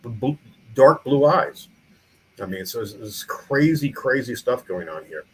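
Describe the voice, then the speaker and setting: Medium-pitched and measured, this voice belongs to a middle-aged small-town mayor and museum founder telling stories in a relaxed interview. He rambles animatedly, restarting often and using plenty of fillers; the rough recording carries slight hiss or hum.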